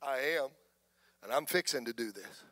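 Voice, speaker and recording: A man with a Southern US accent voicing a calm, tender Jesus during a sermon, speaking low and softly. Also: moderate pace, no room sound. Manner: low, soft and gentle. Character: calm, tender male savior figure.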